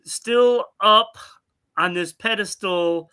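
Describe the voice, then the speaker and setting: Slow, bright-voiced man co-hosting sports talk. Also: sits high, clear, resonant tone. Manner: halting, repeats words as he starts sentences. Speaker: sports show co-host. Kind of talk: casual sports chat.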